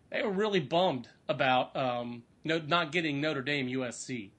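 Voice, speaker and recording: A man's voice: on the high side, a bit bright, husky. A man, sick at the moment, talking college baseball in a rambling podcast chat with many fillers and restarts.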